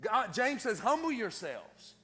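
A man's voice: very high voice, big pitch swings, measured pace, bright, forceful tone, long reverb tail. A man preaching a sermon, speaking conversationally and often asking "right?". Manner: conversational, repeats words, asks "right?" often. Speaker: guest preacher. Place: church sanctuary.

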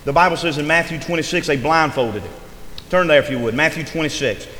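A man with a somewhat high, slightly bright voice preaches briskly, his delivery rising and falling in a preaching cadence and frequently stressing words. The recording comes from an echoey hall with long reverb and faint noise.

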